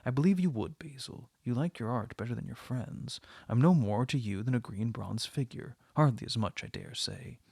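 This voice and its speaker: A man reading the part of an anguished, vain young man who pleads theatrically, with a gravelly, husky voice. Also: mid-range voice, lively intonation, normal speed, few pauses, darkish tone, dry recording, clean studio sound.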